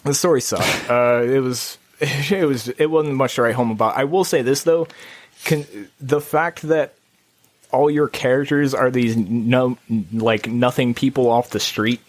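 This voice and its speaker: A man co-hosting a gaming podcast, telling a rambling story in casual chat with lots of restarts and sudden jumps in pitch. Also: steady tone, a little slow. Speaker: podcast co-host. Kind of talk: casual chat about video games.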